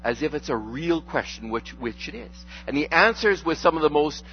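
A man's voice: on the high side, animated, moderate pace, slightly rough. A male pastor gives a loose, conversational sermon, quipping as he goes and stumbling through frequent restarts and fillers. The sound is dull and lo-fi, with faint music in the background.

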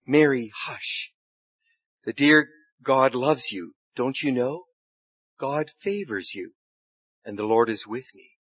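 A tender, unhurried angel messenger, as a man reading a story puts him on. He speaks softly and slowly, soothing a frightened listener. The recording is dry and a little dull. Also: mid-range voice, expressive, breathy edge, no room sound. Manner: slow, softened, soothing delivery. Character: gentle, awed male angel messenger.

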